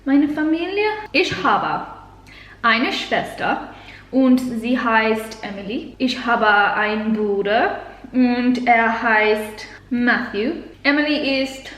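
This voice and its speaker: A young Englishwoman with an English accent, vlogging casually at home and slipping into slow, halting beginner German. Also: on the high side, fairly bright tone. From England. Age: young adult. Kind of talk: casual vlog chat. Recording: roomy, echoey room sound.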